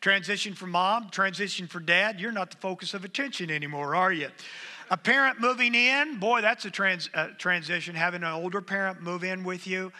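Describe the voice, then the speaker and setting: A man's voice: sits high, a little fast, pushed and bright. A middle-aged man preaching a sermon, talking conversationally and calling out to the congregation. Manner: conversational, engages the congregation with "come on". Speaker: pastor. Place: church sanctuary. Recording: long hall reverb.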